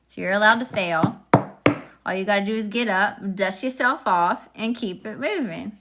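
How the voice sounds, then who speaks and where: A woman's voice: mid-range voice, moderate pace, bright, forceful tone, a little hiss or hum. Woman, sassy live-stream tarot reader, chatty, talks to viewers.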